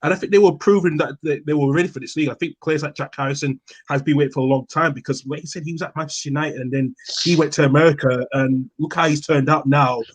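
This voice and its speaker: A man's voice: fairly high pitch, steady tone, quick pace, husky. A man talking casually as a football podcast guest, confident and opinionated. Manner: confident, opinionated, sometimes repeats words. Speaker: podcast guest, Leeds fan.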